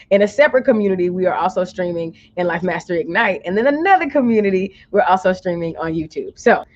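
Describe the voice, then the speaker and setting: Woman coach on a livestream, mid-pitched, warm call-and-response delivery, slightly muffled webcam sound. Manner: encouraging, call-and-response, drawls affirmations slowly. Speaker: life coach. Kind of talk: live-streamed motivational coaching.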